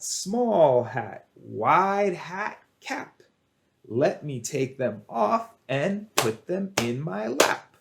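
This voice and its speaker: Very slow sing-song male storyteller. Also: fairly high pitch, gravelly, background noise. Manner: sing-song, encouraging, drawn-out. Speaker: children's storytime host. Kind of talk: children's storytime with rhymes.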